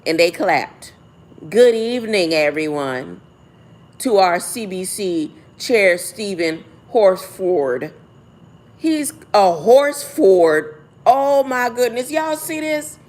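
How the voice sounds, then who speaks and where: A woman in unhurried, drawn-out commentary, reading aloud and pausing to muse. She rambles and keeps asking a rhetorical "huh?". She corrects herself mid-thought, and her voice sits at a middling pitch. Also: animated, darkish tone. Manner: rambling, asks rhetorical "huh?" often, breaks off to self-correct. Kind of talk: casual musing commentary.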